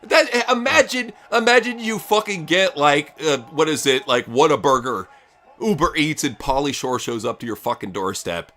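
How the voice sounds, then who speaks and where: A man co-hosting a casual watch-along chat, crude and laughing, often slipping into quick impressions. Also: a little high, expressive, fairly bright tone. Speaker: co-host. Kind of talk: casual profane chat while watching wrestling.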